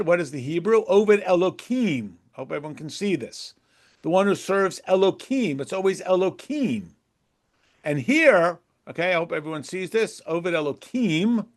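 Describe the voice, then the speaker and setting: A man's voice: a little high, fairly bright tone. A man teaching a religious text to a class, acting out imagined dialogues and repeating words for emphasis. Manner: acts out imagined dialogues with shifting voices. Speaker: Torah teacher. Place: classroom with a board.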